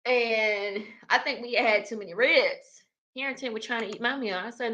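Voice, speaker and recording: A chatty young woman hosts a casual livestream, reading out comments and laughing as she talks. Her voice is bright and sits a little high, and she speaks. She sounds close to a webcam mic. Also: normal speed. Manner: chatty, laughs often, talks to viewers as y'all. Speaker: livestream host reading chat.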